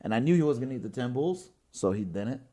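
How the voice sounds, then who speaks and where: A man's voice: medium pitch, lively intonation, fast talker, warm tone. Man, podcast host, casual storytelling, rambling, profane, laughs mid-story. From Washington State, US. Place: podcast studio with guests.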